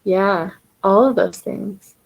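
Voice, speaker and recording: Husky gravelly woman chatting thru a live singing coaching session, mellow tone. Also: medium pitch, slow pace, muffled recording. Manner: conversational, encouraging, acts out inner voices. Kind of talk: live-streamed coaching talk.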